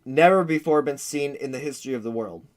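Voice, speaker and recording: A man's voice: medium pitch, quick pace. A man hosting a livestream, commenting crudely and jokingly on a map. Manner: crude, joking, acts out war noises. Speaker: livestream host.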